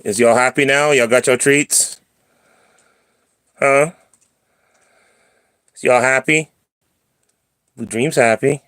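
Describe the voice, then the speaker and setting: A man chats casually on his live stream. He coos playfully at his cats and voices what they might be thinking. His mid-pitched voice sounds dry and close. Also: steady tone, slow pace, long pauses, a bit bright, clear, resonant tone, no echo. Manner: talks to his cats in a playful sing-song, voices their thoughts. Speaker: streamer hosting a claw-machine game.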